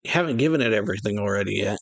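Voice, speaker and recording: A man's voice: lowish voice, expressive, racing, vocal fry, dry recording. A man voicing a cocky, mocking young male vampire while reading a manga aloud. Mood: taunting.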